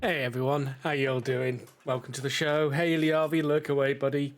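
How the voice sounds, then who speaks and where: A man's voice: medium pitch, flat delivery, moderate pace, faint music behind. A man chatting casually to his live-stream audience while playing a game, rambling and swearing a little, stuffy from a cold.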